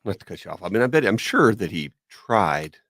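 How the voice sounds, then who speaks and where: Gravelly, lively-voiced male co-host. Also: fairly low pitch, brisk, no room sound, studio quality. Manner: joking, animated storyteller. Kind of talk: casual chat.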